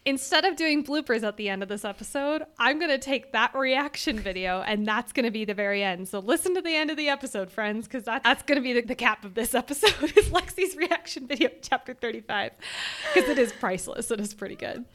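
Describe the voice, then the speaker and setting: Bright, animated young woman. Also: a little high, a little fast. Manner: animated, swearing, laughing often. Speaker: podcast co-host. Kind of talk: casual book discussion. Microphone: studio microphone.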